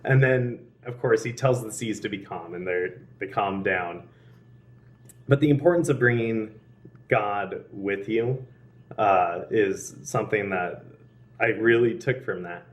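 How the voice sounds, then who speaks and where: An unhurried young man with a lowish voice, captured at a distance, describes his faith in an earnest, easygoing way. Frequent laughter punctuates his talk, along with plenty of fillers and restarts.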